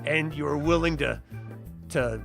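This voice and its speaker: A man doing a gruff, burly bar brawler. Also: a little high, measured pace, a bit bright, soft background music, heavily acted. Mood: grudgingly respectful. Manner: blunt, tough-talking.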